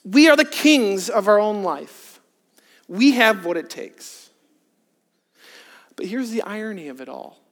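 A man preaching a sermon, earnest, moving from hushed, drawn-out points to emphatic rhetorical questions. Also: high-pitched, expressive. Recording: long reverb of a large hall.

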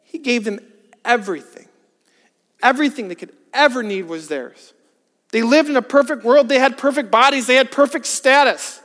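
A man with a strikingly high voice delivers an earnest sermon. He drops to hushed, slow emphasis, then presses with emphatic rhetorical questions. His voice rings out with a long reverb in a large church hall. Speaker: preacher.

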